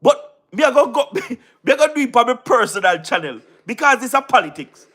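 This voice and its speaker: A man from Jamaica with a Jamaican Patois accent, livestreaming casually, giving shout-outs to viewers and repeating himself emphatically. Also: very high-pitched, big pitch swings, brisk. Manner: repetitive, keeps asking "you understand what I mean", emphatic. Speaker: YouTube live streamer.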